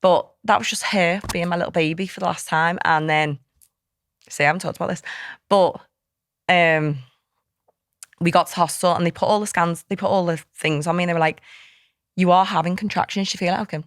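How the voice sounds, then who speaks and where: A woman's voice: fairly low pitch, fairly even intonation, brisk, pauses often, no echo, clean studio sound. A woman, a podcast guest recounting a hard personal story in a heartfelt, tumbling way full of quoted dialogue. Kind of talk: candid personal storytelling in an interview.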